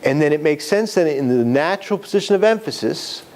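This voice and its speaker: A man's voice: fairly high pitch, expressive, fairly quick, darkish tone. A man giving a live classroom lecture on writing, explaining step by step with examples.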